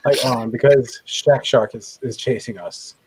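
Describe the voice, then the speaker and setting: A man's voice: mid-range voice, unhurried, darkish tone, slight background noise, rough recording. A man hosting a casual game night over a video call, joking and playful as he runs the rounds. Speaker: game show host.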